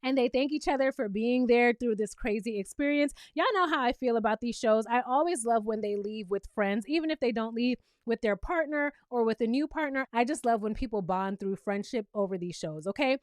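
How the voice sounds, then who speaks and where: A woman's voice: on the high side, brisk, hardly any pauses, dry recording. A woman recapping a reality show in casual, sassy commentary, talking straight to her viewers.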